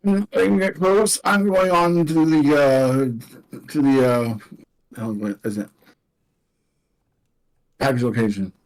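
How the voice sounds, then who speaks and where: A man's voice: medium pitch, slow, pauses often, rough recording. Man playing a tabletop game. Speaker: player. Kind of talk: casual tabletop play.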